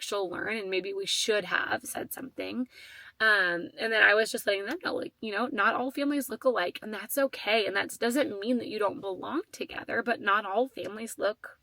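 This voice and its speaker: Bright animated woman telling a story. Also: medium pitch, no echo. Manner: animated, lots of fillers and quoted dialogue. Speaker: podcast host. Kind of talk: casual storytelling.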